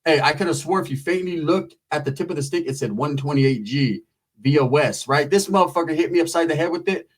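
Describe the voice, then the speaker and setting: A man's voice: a little high, brisk, low-quality recording. A man doing stand-up comedy, telling a rambling, profane story and slipping into voices of the people in it. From Mexican-American.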